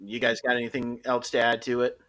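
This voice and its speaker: A man hosting a podcast, talking through episodes in a casual, animated way, rambling with frequent restarts. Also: medium pitch, fast. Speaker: podcast host. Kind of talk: casual review chat.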